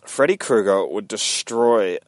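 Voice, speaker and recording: A nerdy teenage boy from a comic lays out his case like a know-it-all, as a man reads him. He speaks precisely and lectures. The voice is lowish and the sound is dry. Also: expressive, a little slow, no room sound. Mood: lecturing.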